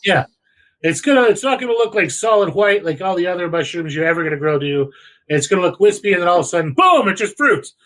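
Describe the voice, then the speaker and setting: Young man, podcast co-host, casual chat, crude slang, rambling, animated, slightly high voice. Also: fast, rough recording.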